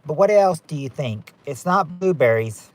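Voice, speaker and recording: A man's voice: fairly high pitch, animated, normal speed. A man hosting a live-stream game night, chatting as he reads out viewer guesses and rules on each one. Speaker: game show host.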